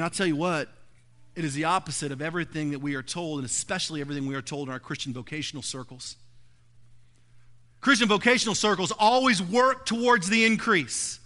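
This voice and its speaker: A man preaching a sermon as pastor, emphatic, swinging between loud build-ups and soft, low asides.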